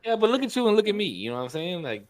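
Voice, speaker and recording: A man's voice: sits high, very fast, dry recording. A man co-hosting a podcast in casual chat, telling stories emphatically and swearing often. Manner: animated, profane, emphatic storytelling. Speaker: podcast co-host.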